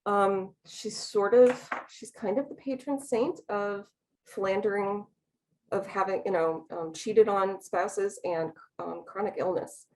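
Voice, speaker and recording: A woman giving an academic talk about slides, speaking quickly with many ums and restarts. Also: medium pitch, fairly even intonation, darkish tone, low-quality recording. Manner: speaks fast. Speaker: lecturer.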